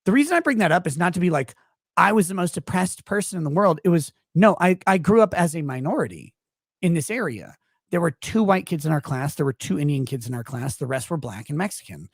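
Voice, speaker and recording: A man's voice: fairly high pitch, very animated, fast, husky, dry recording, clean studio sound. A man in his forties from Houston, a podcast guest telling a rambling, profane story in casual chat. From Houston, Texas.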